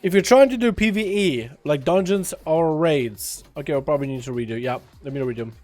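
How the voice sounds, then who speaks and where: A man's voice: a little high, brisk, darkish tone, faint music behind. Chatty gaming streamer guy, casual. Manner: loose and chatty, swearing, hyping up viewers. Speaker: livestreamer. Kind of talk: casual gaming livestream chat.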